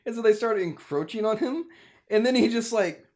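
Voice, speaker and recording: A man's voice: high-pitched, lively intonation, moderate pace. A man co-hosting a casual movie podcast, recapping the plot with plenty of fillers. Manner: recaps the plot with fillers and loud acted-out yells. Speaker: podcast co-host. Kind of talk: casual movie review chat.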